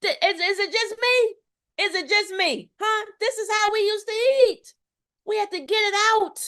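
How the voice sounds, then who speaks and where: A woman's voice: extremely high pitch, normal speed, pushed and bright. A middle-aged woman from Houston, a health coach talking emphatically to her viewers, repeating phrases and calling out to them. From Houston, Texas. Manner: emphatic, preacherly, repeats phrases and calls on the audience. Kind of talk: live health challenge talk to viewers.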